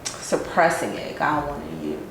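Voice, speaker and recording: A woman's voice: low voice, animated, unhurried, fairly bright tone. A woman hosting a podcast, affirming and earnest as she speaks about faith and healing. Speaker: podcast host. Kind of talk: encouraging spiritual conversation. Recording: roomy sound with faint noise.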